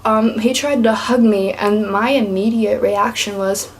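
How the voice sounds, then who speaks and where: This vlogger is a young woman from East Tennessee whose medium-pitched voice stays steady and unhurried. She tells a chatty, rambling story to camera, full of "like," with a little hiss or hum behind her.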